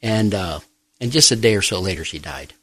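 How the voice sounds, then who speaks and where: Middle-aged male pastor, low-voiced, gentle and reflective, unhurried testimony with pauses. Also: animated, poor audio. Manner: soft-spoken, reflective, pausing often. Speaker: pastor and grief counselor, guest. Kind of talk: personal testimony in an interview.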